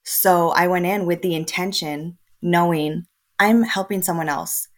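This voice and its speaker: Lower-pitched woman in her twenties, lively storyteller. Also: a little slow. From El Paso, Texas. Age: 20s. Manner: lively, often laughing, acts out quoted dialogue. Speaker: podcast guest. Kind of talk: casual conversational storytelling.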